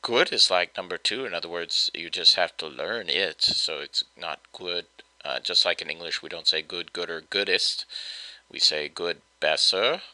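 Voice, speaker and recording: Low-voiced man explaining grammar. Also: normal speed, sharp tone, no echo, rough recording. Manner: patient, step-by-step explaining with fillers. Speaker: German teacher. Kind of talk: explanatory lesson.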